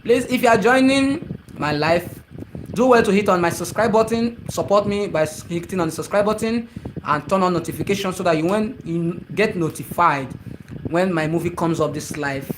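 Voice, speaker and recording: A man's voice: sits high, normal speed, a little hiss or hum, poor audio. A young man hosting a casual live stream, talking to viewers by name and repeating his phrases. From Nigeria.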